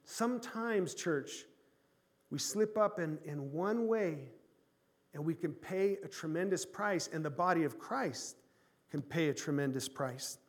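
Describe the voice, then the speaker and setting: A man in his forties, a pastor telling a personal story in an animated sermon, swinging from loud bursts to hushed tones. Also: on the high side, a little slow. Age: 40s.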